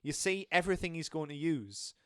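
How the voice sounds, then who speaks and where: A man's voice: a little high, a little fast, smooth, dry recording, studio quality. Man chatting animatedly about films. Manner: animated storytelling, acting out scenes. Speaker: film reviewer. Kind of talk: casual film chat.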